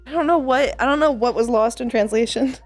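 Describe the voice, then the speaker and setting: Frustrated streamer woman venting, higher voice. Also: brisk, soft background music. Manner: frustrated, swearing, stammering restarts. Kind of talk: casual venting to chat.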